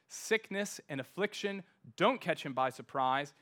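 A male pastor delivers a sermon with a bright, forceful voice pitched a little high. He is emphatic and slows right down to press home key words. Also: lively intonation.

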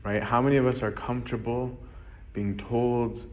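A man's voice: mid-range voice, flat delivery, normal speed, a little hiss or hum. A man, a monk, giving an informal, conversational sermon and often checking in with "right?". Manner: conversational, keeps asking "right?". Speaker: monk preacher.

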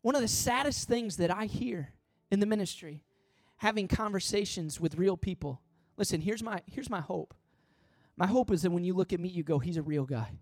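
A middle-aged man preaching a sermon as pastor, passionate and pleading at times, soft and tender at others, on a close mic. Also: high voice, normal speed, no room sound. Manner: impassioned, swings from loud pleading to soft tender asides.

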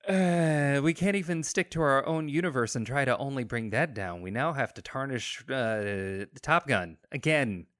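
A man's voice: medium pitch, expressive, normal speed, few pauses, a bit bright, no room sound, clean studio sound. A man co-hosting a casual movie review chat, ranting with exasperated sarcasm and laughing often. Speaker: podcast co-host.

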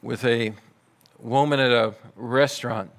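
Slow-speaking male preacher. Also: mid-range voice, fairly even intonation, gravelly, smooth. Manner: slow, storytelling preacher with soft quiet passages. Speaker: pastor. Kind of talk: sermon.

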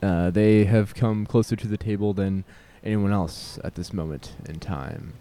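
A man's voice: on the low side, steady tone, normal speed, warm tone, a little hiss or hum. A young man vlogging alone outdoors in a city park, rambling hesitantly and self-consciously. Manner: hesitant and self-conscious, with nervous laughs and many fillers. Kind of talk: rambling solo vlog.

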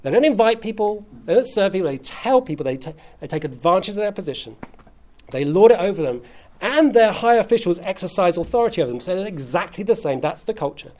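A man's voice: sits high, expressive, fast, darkish tone. A man, a pastor preaching a sermon in a conversational, humorous way, often checking in with "okay?". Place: church hall.

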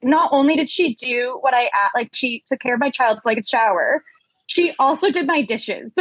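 A young woman, a podcast guest, candidly telling a personal story in an animated way. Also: fairly high pitch, slightly rough, no room sound, rough recording.

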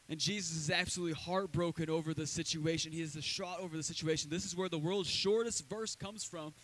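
A man preaching a sermon as a pastor in a church, talking in a loose, conversational way with lively asides. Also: high voice, a little fast, hardly any pauses, rough recording. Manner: conversational, energetic preaching with asides and acted quotes.

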